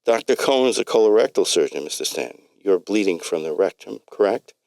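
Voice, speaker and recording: A man's voice: low voice, animated, brisk, creaky, darkish tone, dry recording, pitched above the performer's own voice. A man voicing a formal, polite female phone agent in a read-aloud story. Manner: formal, questioning.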